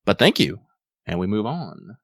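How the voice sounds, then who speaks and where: A man in his late twenties co-hosting a casual gaming podcast, his pitch swinging with lively energy. He jokes around and leans on "like" as he reads listener mail. The mic is close and dry. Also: unhurried, dry recording. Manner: animated, heavy use of "like", jokey.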